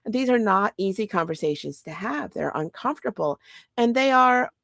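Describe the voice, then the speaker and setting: A middle-aged woman talks straight to the point in a blunt casual monologue. Her mid-pitched voice has a gravelly edge. The sound is close and dry with no room echo. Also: moderate pace. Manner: blunt, animated, quotes others in acted voices. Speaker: mother and podcast host.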